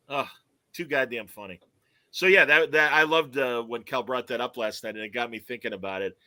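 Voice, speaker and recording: A man hosting a podcast in casual chat, animated and laughing as he acts out quoted lines and reads comments aloud. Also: medium pitch, brisk, dry recording. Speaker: podcast host.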